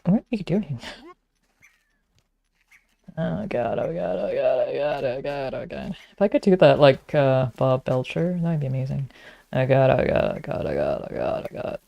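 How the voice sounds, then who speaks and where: A woman's voice: extremely low pitch, very animated, moderate pace, vocal fry, lo-fi sound. A woman, talking to herself while streaming a frustrating game, muttering and sometimes whispering. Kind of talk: casual gameplay commentary.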